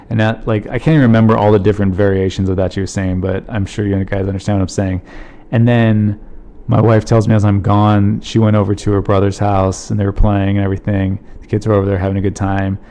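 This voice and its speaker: A man in his thirties with a mellow, low voice talks alone into the mic as a podcast host. He rambles in a heartfelt, casual way and leans on fillers like "like" and "you know." His tone stays warm and unpolished. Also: fairly even intonation, a little fast. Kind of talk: casual solo podcast monologue.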